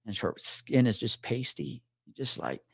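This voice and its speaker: A man's voice: medium pitch, a little slow, creaky, husky. Casual, swearing man telling a story. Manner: casual, profane, acts out the people he quotes. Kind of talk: storytelling in a podcast conversation.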